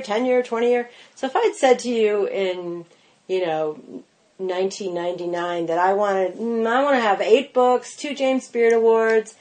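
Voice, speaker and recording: A woman guest on a podcast, telling stories in casual chat, full of "like" and "you know", and acting out what people said. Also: medium pitch. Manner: animated storyteller, lots of "like" and "you know", acts out quotes. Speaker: guest, pastry chef.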